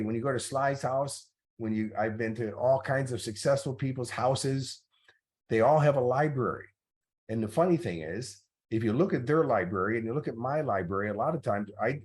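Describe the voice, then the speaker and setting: With a mid-range, darkish voice, a middle-aged motivational coach recounts anecdotes in a master class talk. Fillers crop up throughout his storytelling.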